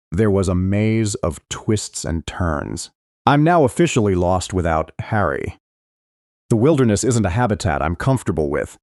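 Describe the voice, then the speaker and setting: A man reading a first-person thriller audiobook in a very deep voice that rises and falls with lively expression. The recording is close and dry, with no room sound. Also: no room sound. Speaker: audiobook narrator.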